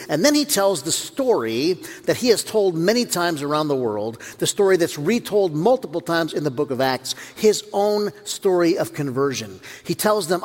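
A man's voice: a little high, big pitch swings, moderate pace, hardly any pauses. A man preaching a sermon as pastor, telling the story with humor and acting out voices. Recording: long reverb of a church hall.

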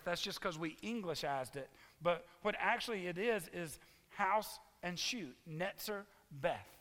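A man preaching a sermon as pastor, animated, acting out the townspeople's words as he tells the story. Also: sits high. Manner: animated storytelling preacher, voices the crowd's lines. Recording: long reverb of a large hall.

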